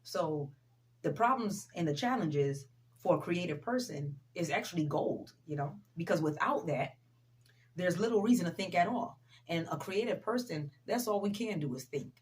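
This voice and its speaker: At a moderate pace and with an expressive, lowish voice, a motivational vlogger speaks directly to her audience in a relaxed talk. Conversational, she uses "you know" a lot and repeats key sayings for emphasis.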